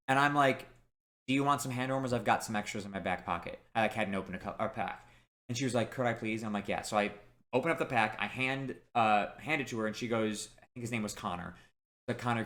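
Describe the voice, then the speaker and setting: A young man co-hosting a podcast, telling a story in animated, casual chat and quoting people as he goes. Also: mid-range voice. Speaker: podcast co-host.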